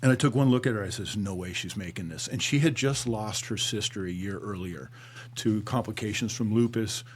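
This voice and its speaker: Man, middle-aged, former cop, storytelling, quotes voices, goes quiet at grave moments. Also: a little fast, a little hiss or hum. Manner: vivid, reenacts dialogue, drops low and quiet at grave moments. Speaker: guest, former police officer. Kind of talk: conversational storytelling.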